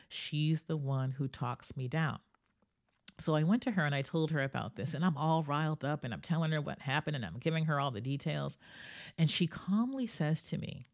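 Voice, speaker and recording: A woman's voice: deep voice, darkish tone. Woman coaching on a wellness podcast. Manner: coaching, repeats "right?", acts out quoted people. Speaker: podcast host. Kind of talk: solo wellness podcast talk.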